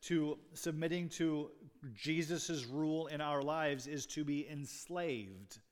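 Pastor, male, slightly higher voice, earnest sermon delivery with emphatic stresses. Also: slow pace. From United States.

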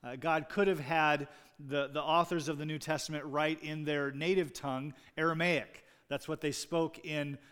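A man preaching a sermon with a slightly high voice, talking plainly and pushing up on the words he wants to stress. His voice rings with a long reverb through a large church hall. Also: fairly even intonation, moderate pace, hardly any pauses, a bit bright, smooth. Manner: conversational preaching with fillers, rising emphasis on key words. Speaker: pastor. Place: church sanctuary.

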